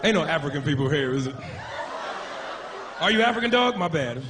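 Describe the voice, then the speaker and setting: A man doing a crude, animated stand-up comedy set on a club stage with a handheld mic. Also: on the high side, fairly quick. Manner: crude, animated, profane jokes. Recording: noisy live club recording. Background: audience laughter.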